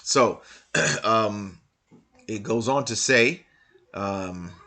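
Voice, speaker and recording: A man's voice: on the low side, very slow, pushed and bright. A man reading passages from a book aloud and commenting on them, hammering his points with repeated rhetorical questions. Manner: argumentative, many restarts. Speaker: religious commentator.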